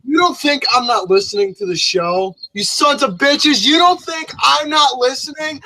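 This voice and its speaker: A man's voice: very high-pitched, moderate pace, bright, forceful tone, no echo, exaggerated voice, rough recording. A man voicing Gary, a furious, foul-mouthed man who screams and curses in a rant.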